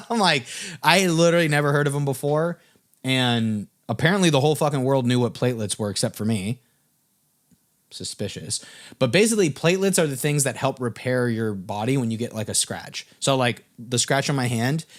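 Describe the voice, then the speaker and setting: A young man, a music business coach, tells a personal story to camera in a casual way, full of fillers and swearing. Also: mid-range voice.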